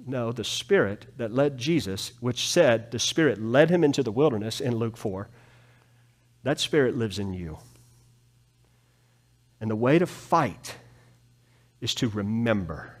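A man preaching a sermon as pastor in a church, animated, swinging from soft, low passages to loud, pleading ones. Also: measured pace, pauses often. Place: church sanctuary.

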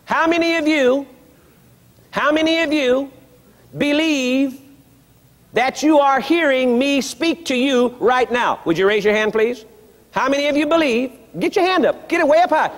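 A man preaching a sermon in a large church, teaching emphatically and firing repeated questions at the congregation. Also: extremely high pitch. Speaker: pastor. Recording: long reverb of a large hall.

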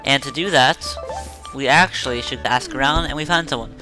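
A man's voice: mid-range voice, fairly quick, over music, rough recording. A man hosting a let's play, joking and rambling casually over gameplay into a desk microphone.

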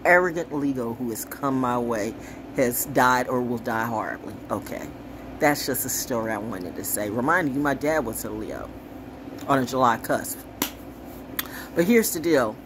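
A woman riffing to camera with a low-set voice that swings widely in pitch. She talks in an animated, rambling, sassy way, full of profanity and sharp asides, with faint room ambience behind her. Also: slight background noise. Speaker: commentator. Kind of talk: casual monologue to camera.

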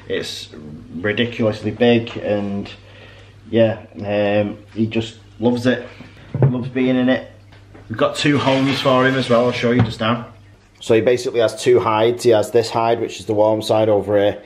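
Low-pitched, easygoing man; casual home vlog, indoors. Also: slight background noise, rough recording. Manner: relaxed and easygoing, showing things around.

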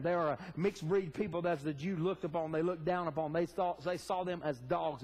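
A man's voice: a little high, a little mellow. A man preaching a sermon in a church, fervently asking the congregation direct questions. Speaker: pastor. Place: church sanctuary.

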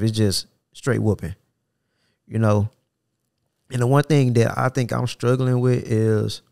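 A young adult man with an African American Vernacular English accent hosts a solo podcast, rambling in a casual, profane way and often saying "you know what I'm saying." His voice is medium-pitched, creaky and darkish, captured as clean studio sound without echo.

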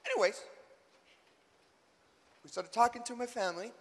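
A man giving a school chapel sermon, telling a personal story in an animated way and acting out the dialogue. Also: extremely high pitch, normal speed. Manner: animated, acts out dialogue, rising to near shouts. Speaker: chapel speaker. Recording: echoey hall reverb.

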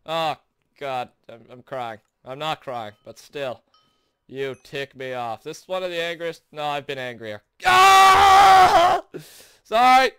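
A young man hosting a gaming video, commentating his own play in frustration, shouting and groaning between sarcastic mutters. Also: medium pitch, unhurried, clear, resonant tone, no room sound, clean studio sound. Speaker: gaming channel host. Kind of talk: raging let's play commentary.

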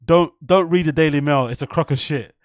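A man's voice: a little high, a little fast, no echo, clean studio sound. Swearing man on a live stream. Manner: profane, rambling, reads chat aloud. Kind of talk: casual live-stream commentary.

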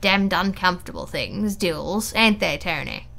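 Woman reading as a lazy foppish gentleman. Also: fairly low pitch, lively intonation, unhurried, creaky, heavily acted. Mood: lazy drawl.

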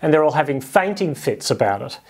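A man's voice: fairly high pitch, sing-song, fairly quick. A man preaching a sermon in a conversational way, acting out quoted voices with humor. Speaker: pastor.

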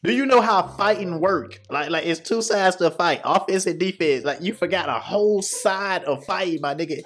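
A man hosting a reaction video, trash-talking in a profane, mocking, excitable way, his voice going hoarse. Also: high-pitched, normal speed, hardly any pauses. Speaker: YouTube reaction host. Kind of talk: casual reaction commentary.

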